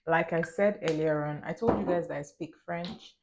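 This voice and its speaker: A young woman with a notably low, deep-set voice, talking casually to her camera while getting ready. She tells her story in a chatty, animated way, laughing easily between lines. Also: normal speed, noisy background. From Nigeria. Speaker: lifestyle vlogger. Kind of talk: casual get-ready-with-me chat.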